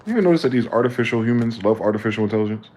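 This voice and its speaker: A man's voice: fairly low pitch, expressive, very fast. Ranting late-30s man, roomy echo. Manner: heated, profane, preachy rant with sharp swings in loudness. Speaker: livestreamer. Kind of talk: ranting livestream monologue.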